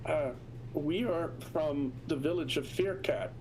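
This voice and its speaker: A man's voice: a little high, unhurried, a little hiss or hum, voice pushed up, lightly acted, poor audio. A man voicing a polite, apologetic young village girl in a tabletop game, speaking formally.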